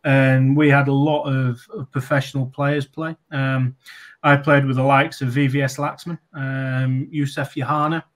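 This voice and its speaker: A former cricketer in his forties tells casual anecdotes as a guest in an interview. His medium-pitched voice moves little in pitch at a moderate pace, and his storytelling is full of ums, restarts and laughter.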